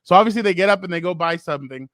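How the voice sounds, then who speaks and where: A man with a fairly high voice chats on a sports podcast. He tells stories with energy and acts out the people in them. The recording is dry and close to the mic. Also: racing, no room sound. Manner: animated storyteller, acts out quotes. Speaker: podcast co-host. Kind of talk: casual chat.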